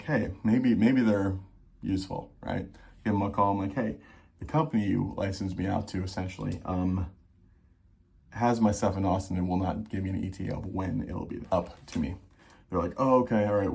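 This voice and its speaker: A man's voice: lowish voice, a little mellow, breathy edge. A young man telling a casual storytime vlog, acting out both sides of his phone calls. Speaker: vlogger.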